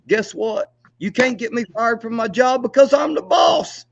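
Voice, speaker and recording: A man's voice: extremely high pitch, lively intonation, moderate pace, creaky, few pauses, muffled recording, a little hiss or hum. A man, angrily ranting and taunting with profanity on a livestream. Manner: angry, profane, taunting, laughs mockingly. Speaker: livestream co-host. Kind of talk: heated livestream rant.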